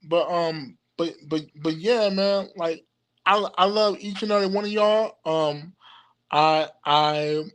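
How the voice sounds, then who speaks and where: A high-voiced man hosting an occult livestream rambles casually and slowly to viewers, whom he addresses directly as "y'all." His delivery is halting, full of restarts, stammered repeats and frequent laughter, in a slightly bright, clear, resonant tone.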